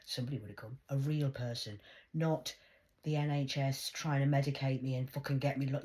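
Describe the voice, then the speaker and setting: A woman in an agitated ranting monologue to camera, jumping between hushed whispers and loud outbursts and often stumbling over repeated words. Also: low voice, fast talker. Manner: repetitive, stumbling restarts. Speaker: vlogger.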